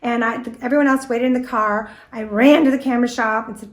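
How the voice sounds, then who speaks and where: A middle-aged woman from the United States, a guest speaker on antique doll history, gives a storytelling presentation full of lively anecdotes and quoted dialogue, briefly acting out what people said. Her voice is a little high for a woman, and she talks a little fast.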